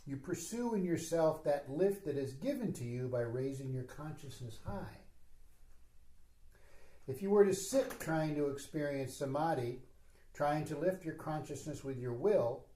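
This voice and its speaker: A man giving a slow, measured teaching talk at a retreat, with soft asides to his listeners. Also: fairly high pitch, expressive, reverberant. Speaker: spiritual teacher. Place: retreat hall.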